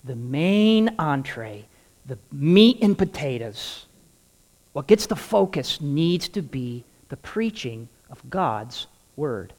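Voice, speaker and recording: A man's voice: fairly high pitch, sing-song, takes it slowly, darkish tone, long reverb tail. A man preaching a sermon, telling a humorous personal story and acting out the dialogue before drawing the lesson. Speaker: pastor.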